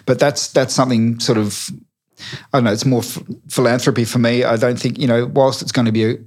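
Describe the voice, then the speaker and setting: An Australian man, a restaurant owner and podcast guest, telling a long story in a casual, halting way with many restarts. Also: mid-range voice, fairly even intonation. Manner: rambling anecdotes, hesitant restarts, laughs at his own story.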